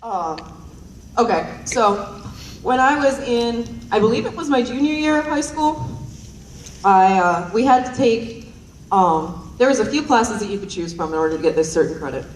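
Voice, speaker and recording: A woman's voice: fairly high pitch, animated, normal speed, a little hiss or hum. Young woman rambling thru a standup bit, lots of ums n giggles, voice bouncing up and down, echoey hall, kinda far from the mic. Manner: rambling, self-deprecating, full of ums and giggles. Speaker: stand-up comedian. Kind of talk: stand-up storytelling. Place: stage at a performance night. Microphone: handheld stage microphone. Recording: roomy hall mic heard from a distance.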